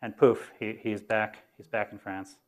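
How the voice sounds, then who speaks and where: A university lecturer teaches physics to students in a lecture room, explaining informally and thinking aloud as he goes. His voice is lowish and flat, with a slightly slow delivery.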